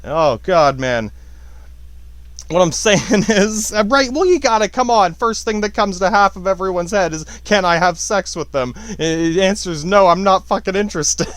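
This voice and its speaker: Podcast host, man in his thirties, high voice, dry close sound, rambling and profane, keeps cutting himself off. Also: animated, normal speed, fairly bright tone, no echo. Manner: rambling, profane, self-interrupting, laughs often. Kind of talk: rambling profane monologue on science.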